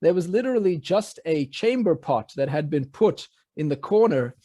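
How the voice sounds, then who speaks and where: A man with a high-pitched voice tells an old story in an easy, conversational manner, pausing and restarting as he goes. He speaks as a rabbi addressing a community gathering. The sound is dry and close, with little room around it. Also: lively intonation, dark tone, no echo. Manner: conversational, many fillers and restarts. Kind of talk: oral storytelling.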